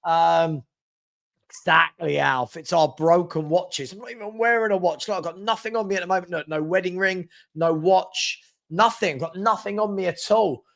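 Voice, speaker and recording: A man hosting a live football stream, chatty and teasing as he reads viewer comments and gives shout-outs. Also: high voice, normal speed, vocal fry. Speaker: host of a live football transfer show.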